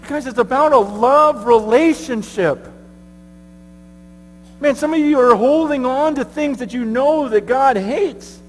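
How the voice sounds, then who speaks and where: Male conference preacher, very high-pitched and impassioned, in an echoey hall with faint hum. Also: a little slow. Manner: impassioned preaching that swings from hushed pleading to shouting. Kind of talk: sermon.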